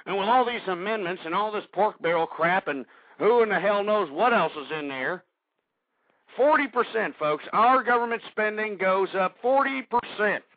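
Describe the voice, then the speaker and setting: Irate talk-radio host, high-pitched, dry lo-fi broadcast audio. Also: male voice, lively intonation, normal speed, dry recording. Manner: ranting, combative, repeats himself. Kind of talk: angry call-in radio commentary.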